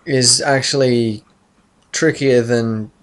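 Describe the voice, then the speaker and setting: A man casually commenting on his own gameplay, rambling and muttering softly while he concentrates. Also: medium pitch, steady tone, slow pace. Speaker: let's play commentator.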